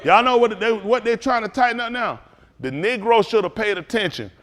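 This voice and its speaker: A man preaching as a pastor in a fiery talk, swinging from low mutters to loud outbursts. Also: fairly quick.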